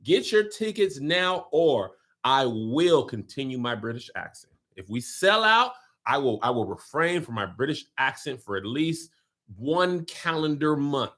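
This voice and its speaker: A man's voice: mid-range voice, very animated, measured pace, a bit bright, voice pushed down. A man hamming up a mock British accent while recording a playful, teasing promo for his comedy show. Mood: playful hype.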